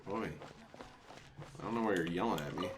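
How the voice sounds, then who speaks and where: A man's voice: deep voice, brisk, noisy background. A man hosting a gaming channel, giving casual, jokey let's-play commentary in a chatty, nosy way. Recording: game music behind. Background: video game music.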